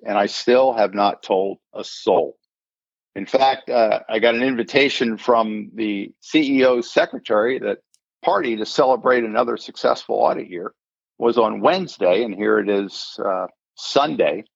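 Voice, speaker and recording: Older guy telling his story, low gravelly voice, dull lo-fi sound, acts out what people said. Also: a little slow, no echo. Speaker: interview guest, retired forensic accountant. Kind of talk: personal storytelling in an interview.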